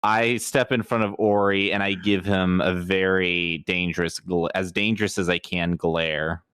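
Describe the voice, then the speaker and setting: Brief: male tabletop player, deep and smooth, dry close mic, halting. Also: fairly even intonation, a bit bright, dry recording. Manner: halting, with many fillers and restarts. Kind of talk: role-play at a tabletop game.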